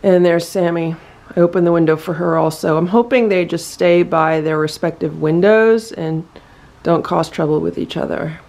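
A woman narrating her home cat rescue vlog in a calm, matter-of-fact way, switching to sing-song baby talk for her cats. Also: fairly low pitch, normal speed, vocal fry. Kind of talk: casual narration to camera.

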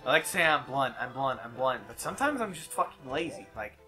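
A young man co-hosting a video game playthrough in casual, blunt, profane chat, slipping into quick mock voices. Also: medium pitch, lively intonation, bright, forceful tone, soft background music. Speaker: co-host playing a video game.

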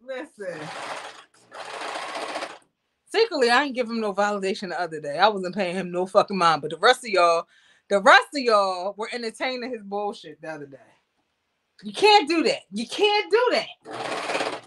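A woman's voice: mid-range voice, animated, fast talker, bright, forceful tone. A woman hosting a casual livestream chat, teasing her guests and laughing a lot. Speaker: livestream host.

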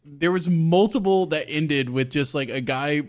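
A man's voice: a little high, a little slow. A man co-hosting a podcast in casual comedic chat, laid-back and laughing often. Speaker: podcast co-host.

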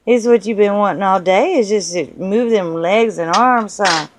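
A woman's voice: medium pitch, normal speed, noisy background. A young woman filming her baby on a phone at home, talking in coaxing, playful baby talk. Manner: sing-song, coaxing and playful. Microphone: phone held over the baby.

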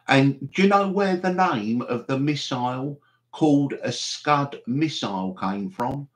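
A man's voice: medium pitch, lively intonation, unhurried, fairly bright tone. A man hosting a live stream, rambling and chatty, with mock exasperation. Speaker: livestream host.

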